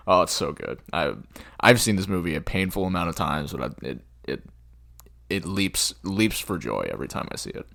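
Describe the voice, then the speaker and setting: A man's voice: deep voice, expressive, a little fast, creaky, a bit bright, no room sound, studio quality. A man co-hosting a podcast, chatting casually and enthusiastically about a favorite film. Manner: enthusiastic, quotes movie lines with light laughter. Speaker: podcast co-host.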